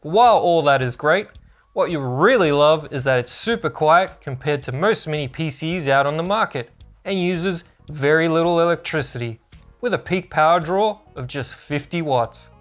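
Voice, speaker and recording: A man's voice: a little high, lively intonation, normal speed, fairly bright tone, soft background music. A man narrating a scripted product review as a tech channel host, upbeat and informative.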